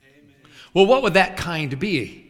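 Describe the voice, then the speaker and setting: Animated male preacher in a reverberant church. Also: sits high, measured pace. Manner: animated, acts out scenes and chuckles at his own stories. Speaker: traveling preacher. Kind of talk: sermon with humorous storytelling. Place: large church sanctuary. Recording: long reverb of a large church.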